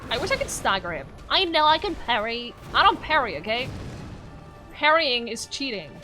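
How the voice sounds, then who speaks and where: A woman's voice: on the high side, sing-song, fairly quick, music in the background. A woman streaming a game live, talking playfully to chat, laughing often and yelping whenever her character gets hit. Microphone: microphone in front of her face.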